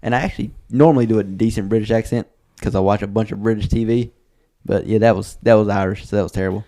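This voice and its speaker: A man's voice: lowish voice, steady tone, quick pace, mellow. A man hosting a casual podcast chat, laid-back and rambling with restarts. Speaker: podcast host.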